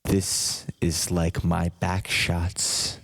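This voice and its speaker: Smug older politician, low and slow, played by a man, long echoey reverb. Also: completely flat delivery, creaky, a bit bright, full character voice. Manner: slow, drawn-out delivery.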